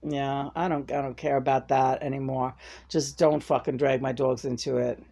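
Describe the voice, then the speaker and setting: A woman's voice: very deep voice, flat delivery, normal speed, warm tone. A middle-aged woman venting in a profane personal rant to her camera, her voice jumping up in angry bursts. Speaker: vlogger.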